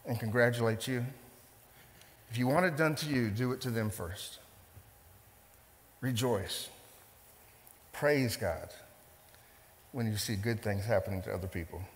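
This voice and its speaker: A man's voice: medium pitch, long reverb tail. A man preaching a sermon, emphatic, repeating phrases and putting questions to the congregation. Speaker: pastor.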